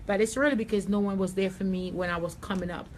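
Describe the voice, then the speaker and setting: A woman's voice: mid-range voice, steady tone, fast, slight background noise. A middle-aged woman hairstylist with a New York accent teaching on a live stream, blunt, confident and streetwise. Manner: blunt, confident, streetwise, with Southern-tinged slang. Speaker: hairstylist and salon owner. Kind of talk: livestream haircut tutorial.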